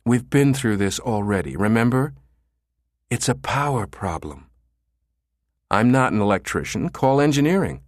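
A man's voice: medium pitch, lively intonation, normal speed, pauses often, no echo, studio quality, pitched above the performer's own voice, natural voice. A man voicing a sarcastic male computer technician who grumbles and jokes drily. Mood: grumbling.

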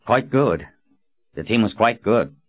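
A man voicing a self-conscious, kindly soldier captain with gruff, awkward warmth in an audiobook. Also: on the low side, expressive, a little slow, dry recording, dull audio, voice pushed up. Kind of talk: audiobook character voice.

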